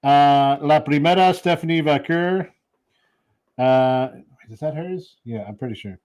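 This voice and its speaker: A man hosting a live podcast in casual chat, relaxed as he runs through a list and greets viewers by name. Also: fairly high pitch, measured pace. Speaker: host of a wrestling podcast.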